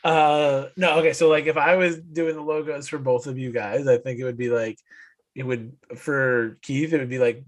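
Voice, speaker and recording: A man's voice: mid-range voice, flat delivery, moderate pace, poor audio. Rambling man from upstate New York. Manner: rambling, full of "like" and restarts. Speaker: podcast co-host. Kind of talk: casual chat.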